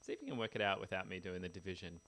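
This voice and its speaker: A man's voice: deep voice, rapid-fire, a bit bright. A man teaching music theory in a casual, chatty way, tired after a poor night's sleep. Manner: chatty, sings rhythms with scat syllables.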